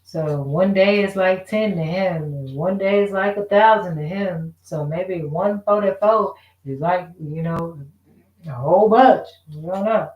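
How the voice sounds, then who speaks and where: A woman's voice: lowish voice, a little slow, muffled recording. Woman ranting to her camera, cussing a lot, frustrated and rambling, asks a lot of why questions, echoey room. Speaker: vlogger. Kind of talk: casual rant to camera.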